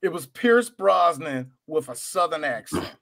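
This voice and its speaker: Male podcast co-host, high and lively, loose and jokey. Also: a little slow, vocal fry. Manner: animated, laughing, mimics people. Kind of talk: casual movie chat.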